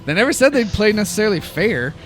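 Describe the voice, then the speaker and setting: Casual male game master with a slightly high voice, chuckling through his narration, music underneath. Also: quick pace. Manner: casual, laughing often, relaxed narration. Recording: background music.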